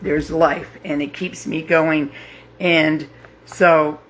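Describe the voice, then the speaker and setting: A woman in her fifties hosting a grief support group, talking live to viewers in a halting, heartfelt way with many pauses and fillers. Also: low voice, fairly even intonation. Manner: heartfelt, openly emotional. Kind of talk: live casual talk to viewers.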